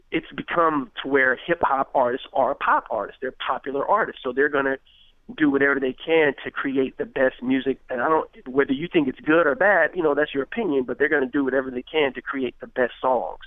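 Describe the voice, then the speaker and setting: A man's voice: mid-range voice, dry recording. Brief: male rapper, 30s, loose talk full of fillers, dry, lo-fi phone-band sound. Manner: animated, acts out quoted dialogue, many fillers. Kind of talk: casual interview talk. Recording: tinny phone-like radio sound.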